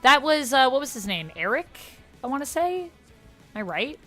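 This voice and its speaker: A woman's voice: sits high, very animated, moderate pace, fairly bright tone, soft background music. Chatty woman streamer answering chat. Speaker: livestream host. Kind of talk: casual just-chatting livestream.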